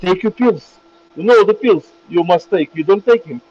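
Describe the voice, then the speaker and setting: A man's voice: sits high, moderate pace, slight background noise. Mocking man, dull lo-fi sound. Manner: mocking, calm, repetitive, broken English. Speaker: stranger on video chat.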